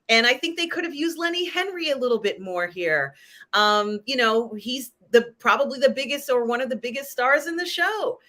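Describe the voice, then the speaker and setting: A woman hosts a relaxed live-stream chat about pop culture. Her voice is bright and forward, and she talks in a chatty, rambling way, full of "um" and "you know". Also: high-pitched, normal speed. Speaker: host.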